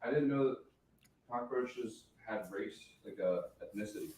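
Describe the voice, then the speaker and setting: A man co-hosting a casual morning show, tossing in quick deadpan quips from off mic. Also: mid-range voice, rough recording. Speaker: co-host.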